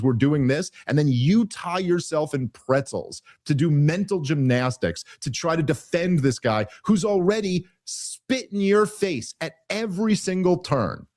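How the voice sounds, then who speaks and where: A man's voice: a little high, a little mellow, dry recording, clean studio sound. A man hosting a podcast, ranting heatedly and sarcastically about politics, swearing often and restarting his sentences. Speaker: podcast host. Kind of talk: casual political commentary.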